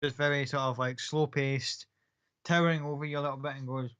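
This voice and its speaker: A man's voice: mid-range voice, level tone, fairly quick, a bit bright, smooth. A man narrating as game master of a tabletop game, describing scenes in a loose, rambling way with many fillers. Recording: dull lo-fi audio.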